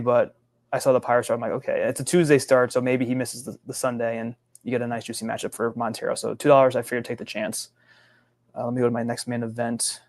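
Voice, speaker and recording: A man guesting on a fantasy baseball podcast, talking in an easygoing, halting way. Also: mid-range voice, no echo. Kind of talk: casual fantasy baseball chat.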